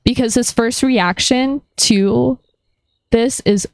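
A woman's voice: fairly high pitch, slow, vocal fry, smooth, no room sound. A young woman who chats and giggles her way through casual storytelling about a life-sim game. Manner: chatty, giggly, full of fillers. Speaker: gaming video creator.

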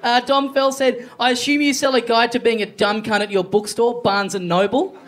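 A man's voice: extremely high pitch, steady tone, normal speed, very noisy. An Australian man co-hosting a live comedy podcast, reading out listener emails with swearing and laughing asides. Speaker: podcast co-host. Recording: live show with loud audience.

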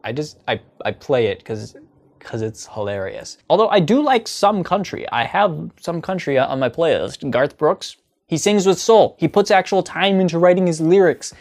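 A man's voice: a little high, lively intonation, normal speed, a little mellow. A man talking to camera in a casual comedic monologue, chatty and sarcastic. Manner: chatty, sarcastic, breaks into mocking sung parodies. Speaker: comedy vlogger.

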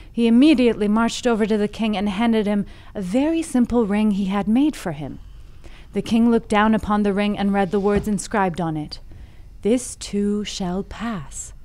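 A woman presenting a scripted storytelling segment on a podcast, laughing at herself and playful in between. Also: medium pitch. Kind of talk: reading a scripted segment and chatting.

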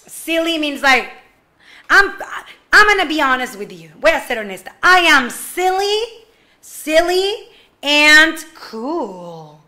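Woman kindergarten English teacher, high voice, slow careful delivery. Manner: animated, switches between English and Spanish, sings prompts. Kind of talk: online class for young children.

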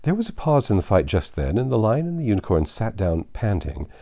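A man narrating a classic children's book in an expressive storytelling manner. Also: on the low side, fairly quick. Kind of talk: audiobook reading of a classic.

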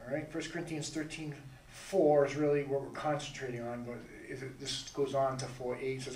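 A man's voice: medium pitch, level tone, brisk, hardly any pauses, a little mellow, roomy sound, distant mic, low-quality recording. A man preaching a sermon as pastor, emphatic and full of rhetorical questions to the congregation. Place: church sanctuary.

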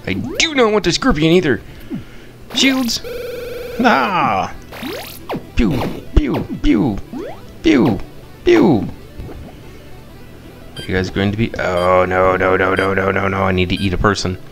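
A playful man talks through a mobile game, his lowish, gravelly voice leaping from chatter into high squeals. Bouncy game music plays clearly underneath. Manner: excitable, squeals in high pitch at surprises; playful chatter, chants nonsense eating noises. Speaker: gamer.

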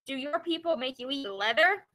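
A woman's voice: sits high, expressive, moderate pace, bright, forceful tone. A woman reading as a sly, sneering schoolboy bully. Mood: taunting. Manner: taunting, demanding.

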